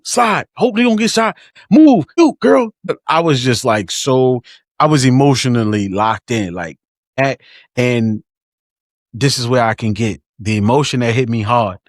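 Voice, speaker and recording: A man co-hosts a casual book podcast, telling his reactions expressively and sometimes acting them out. His voice sits at a medium pitch. The close microphone picture is dry. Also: no room sound. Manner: expressive storyteller, acts out his own reactions. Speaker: podcast co-host.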